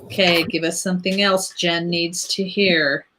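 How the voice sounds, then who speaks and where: A woman with a fairly low voice co-hosts in a loose, offhand way. She talks bluntly, repeats "literally" and swears without fuss. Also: level tone, unhurried, bright, forceful tone, a little hiss or hum. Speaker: co-host. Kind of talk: casual chat.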